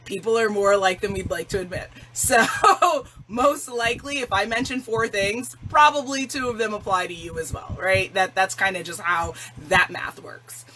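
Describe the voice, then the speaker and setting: A woman's voice: medium pitch, fairly even intonation, normal speed, hardly any pauses, pushed and bright, slight background noise, rough recording. A woman hosting a self-love livestream challenge, speaking casually and emphatically, often laughing. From Jamaican family.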